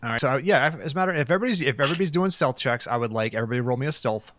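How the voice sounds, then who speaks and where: A man's voice: medium pitch, lively intonation, rapid-fire, a bit bright. A man running a comedy tabletop game as game master, joking, swearing and laughing as he narrates. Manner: laughing, crude banter.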